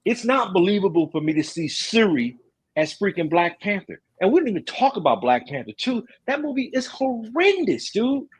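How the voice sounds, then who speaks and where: A man's voice: high voice, very animated, normal speed, husky. A middle-aged man hosting a casual stream chat, ranting emphatically with slang. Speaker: streamer host.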